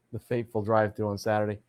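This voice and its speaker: A man's voice: fairly low pitch, a little mellow, smooth. Casual livestream host, man, playful announcer flourishes, reads chat aloud. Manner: playful showman greetings, reads viewer comments aloud. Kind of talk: casual live chat show.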